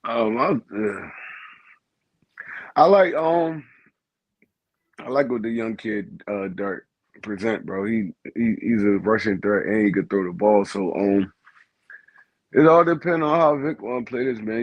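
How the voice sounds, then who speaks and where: A low-voiced man hesitantly giving his take on a sports podcast, with many ums and restarts. His voice comes through a dull, lo-fi mic. The sound is dry, with no room echo. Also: a little slow. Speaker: podcast co-host. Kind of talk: casual sports chat.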